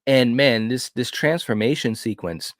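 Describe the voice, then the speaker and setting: A man's voice: mid-range voice, unhurried, no echo, clean studio sound. A man co-hosting a casual podcast, retelling a horror film scene by scene in an enthusiastic, rambling way. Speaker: podcast co-host. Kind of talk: casual film review chat.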